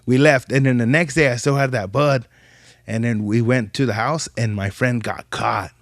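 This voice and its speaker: A young man telling animated stories in casual podcast chat, full of profane slang. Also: moderate pace, no echo, studio quality. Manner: animated, profane street slang, jumps pitch when quoting people. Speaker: podcast guest.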